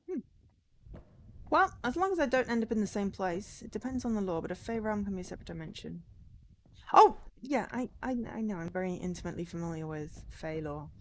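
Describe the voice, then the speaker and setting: A woman's voice: medium pitch, animated, fairly quick, slight background noise. A young woman chatting casually as she streams a game, musing aloud and answering her chat. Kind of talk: casual gameplay commentary.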